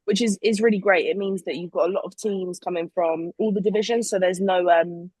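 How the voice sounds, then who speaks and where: A young woman chats casually on a podcast and tells stories in an animated way, full of asides and apologies. Her voice sits a bit low for a woman. The sound is close and dry. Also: brisk, dry recording, poor audio. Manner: animated storytelling, lots of fillers and apologies. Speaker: podcast co-host and flag football player. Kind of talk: casual chat.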